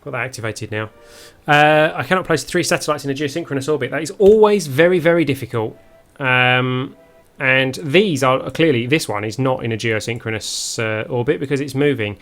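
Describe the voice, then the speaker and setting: A man's voice: mid-range voice, normal speed, hardly any pauses, fairly bright tone, faint music behind. Hesitant man streaming a space game. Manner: hesitant, full of ums, chats with viewers. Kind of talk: live gameplay commentary.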